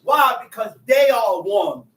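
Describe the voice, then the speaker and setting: A man's voice: very high voice, lively intonation, a little slow, recorded from a distance. A man teaching a Bible class, explaining scripture in casual street talk. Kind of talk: preaching Bible study. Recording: echoey room, voice from afar.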